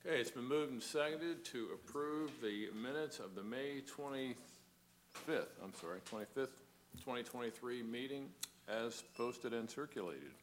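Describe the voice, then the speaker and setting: Male chair of a public board: brisk, procedural, courteous delivery on a desk mic, faint background noise. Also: mid-range voice. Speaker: commission chairman. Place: county meeting chamber.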